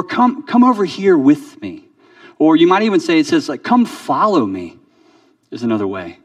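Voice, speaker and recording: A man preaching a sermon in a conversational way, often repeating words and dropping to a soft voice for emphasis. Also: mid-range voice, no room sound, far from the mic. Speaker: pastor.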